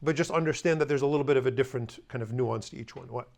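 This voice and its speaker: A man's voice: medium pitch, vocal fry, darkish tone. Man teaching a language class. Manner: explanatory, conversational, repeats Chaldean words slowly. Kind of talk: classroom lesson.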